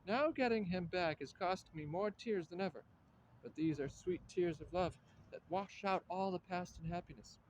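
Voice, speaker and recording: An actress playing an emotional, tearful young wife in a radio play. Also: female voice, fairly low pitch, slight background noise, lightly acted, poor audio.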